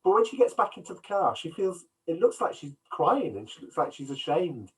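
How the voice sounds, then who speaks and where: A man's voice: fairly high pitch, big pitch swings, fairly quick. A man co-hosting a film podcast, casually retelling scenes and acting out quotes, on a video call. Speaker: podcast co-host. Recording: distant from the mic, headset.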